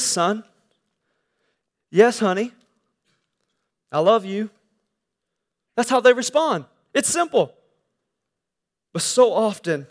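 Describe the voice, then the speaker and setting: A man's voice: sits high, a bit bright. A man preaching a sermon in a church service, earnest and conversational, often restarting and repeating words as he talks. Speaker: pastor. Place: church sanctuary during a service.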